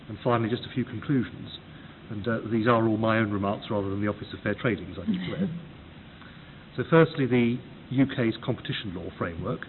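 A man from the United Kingdom, an official of a competition agency, giving an orderly prepared talk point by point. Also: fairly low pitch. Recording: tinny phone-like recording with clear hiss.

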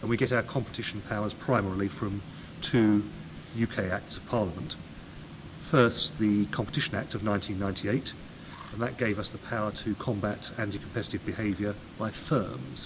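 Guy, kinda low voice, laying out his points one by one, hissy phone-quality audio. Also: steady tone, fairly quick. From United Kingdom. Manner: orderly, enumerating points. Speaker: competition agency official. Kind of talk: prepared talk. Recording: tinny phone-like recording with clear hiss.

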